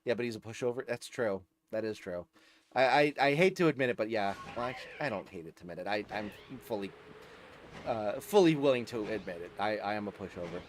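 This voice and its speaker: A man's voice: fairly low pitch, animated, fast talker. A man hosting a casual livestream, chatting with viewers, laughing often and stumbling over his words. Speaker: streamer.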